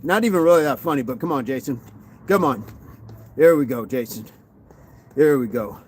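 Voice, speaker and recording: A man's voice: medium pitch, expressive, normal speed, darkish tone, slight background noise. A man hosting a daily fitness livestream, casually chatting, joking and greeting viewers by name as he reads their comments.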